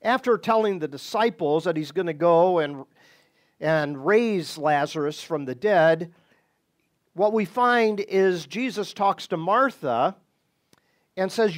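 A man teaching on a Bible passage in a deliberate way, with sudden bursts of emphasis. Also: sits high.

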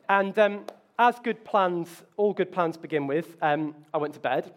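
A man's voice: high voice, unhurried, hardly any pauses. A man preaching a sermon, telling self-mocking stories with playful asides. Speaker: pastor.

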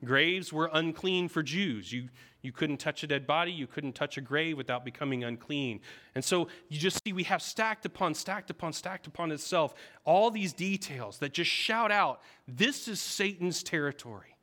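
Guy preaching, bright punchy voice, kinda high, vivid storyteller, keeps saying right?. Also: animated, moderate pace. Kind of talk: sermon.

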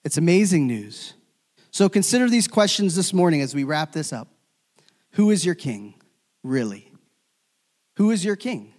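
A man's voice: on the high side, sing-song, normal speed, long pauses. Preaching man with hall reverb. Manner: swings from loud emphatic calls to hushed, near-whispered endings. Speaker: pastor. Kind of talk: sermon.

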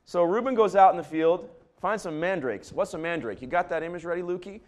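A man's voice: sits high, a little fast. A man who is a pastor, preaching a conversational sermon to a large congregation with joking asides. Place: church before a large congregation.

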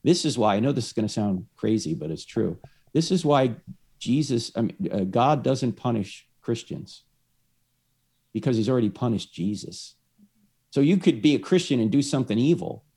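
A man's voice: medium pitch, expressive, moderate pace, dark tone, husky. A man explaining his faith to one listener through a story, acting out the lines of the people in it. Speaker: evangelist.

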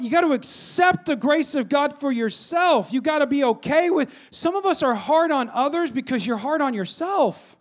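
A man in his thirties preaching a sermon, energetic, repeating phrases and calling on the congregation to respond. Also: normal speed, few pauses. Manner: drops low and quiet when telling a story. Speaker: pastor.

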